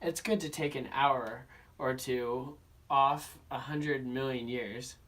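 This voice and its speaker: A man's voice: mid-range voice, steady tone, takes it slowly, a bit bright, distant mic. A kindly polite dinosaur, read by a young man. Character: friendly gentle old male dinosaur.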